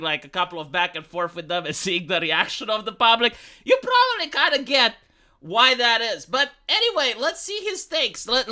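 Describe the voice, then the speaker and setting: A man's voice: high-pitched, sharp tone. A man hosting a casual reaction commentary, rambling and sarcastic, swearing freely and restarting his sentences often. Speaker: YouTube commentary host.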